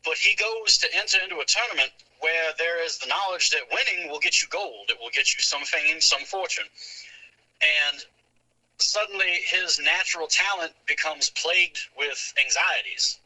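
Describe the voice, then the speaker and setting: Southern man, very bright tone, slightly high voice, rambling podcast guest. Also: moderate pace, low-quality recording. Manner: thoughtful, rambling with restarts. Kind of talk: casual philosophical chat.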